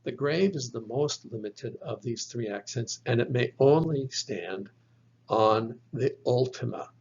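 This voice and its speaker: A man gives a slow, methodical lesson, spelling out each letter with care. His voice is gravelly and a bit husky. The recording is dull and lo-fi. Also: mid-range voice, animated, darkish tone, a little hiss or hum. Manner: methodical, spells out letters one by one, corrects his own slips. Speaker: Bible Greek teacher.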